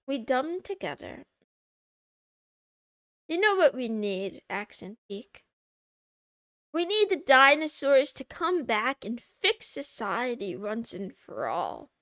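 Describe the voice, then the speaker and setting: A woman's voice: high voice, sing-song, takes it slowly, long pauses, fairly bright tone, dry recording, studio quality. A woman VTuber chatting casually on a live stream, giggling, teasing herself and reading viewer messages aloud. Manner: giggly, self-mocking, reads chat aloud.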